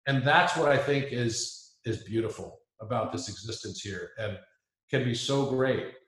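A man's voice: mid-range voice, measured pace, a bit bright. A man as an interview guest, earnestly musing on spiritual ideas and restating his points. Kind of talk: reflective spiritual conversation. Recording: roomy echo.

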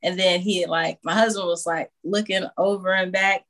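A woman guest on a podcast casually telling a personal story, animated, acting out what others said and laughing often. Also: on the low side, moderate pace. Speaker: podcast guest, new mother.

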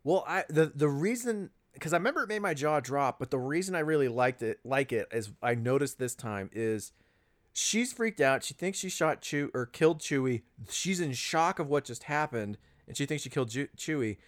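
A man's voice: on the high side, expressive, moderate pace. A man in casual conversation about a film, analytical, often restarting his sentences and quoting scenes. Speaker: podcast co-host.

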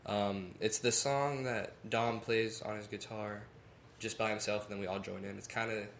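A man's voice: fairly low pitch, fairly even intonation, normal speed, vocal fry, a bit bright. A young man, a musician guest, chatting casually and rambling on a podcast, laughing often. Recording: echoey room, faint noise.

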